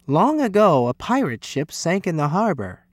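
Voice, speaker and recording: Man doing a brisk teacher lady, decisive, bouncy up-and-down delivery, dry room. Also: medium pitch, big pitch swings, no room sound, voice pushed up, natural voice. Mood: animated.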